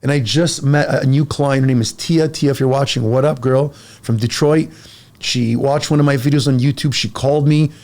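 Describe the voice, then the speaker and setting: A fitness coach in his forties talks on a casual podcast in a medium-pitched voice. He's emphatic and animated, speaking in quick bursts and repeating words.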